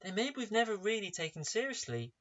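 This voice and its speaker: A man preaches with a high, bright voice that rises and falls with emphasis. He drives his sermon with rhetorical questions. The recording sounds dull and lo-fi. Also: big pitch swings, a little fast. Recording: dull lo-fi online service recording.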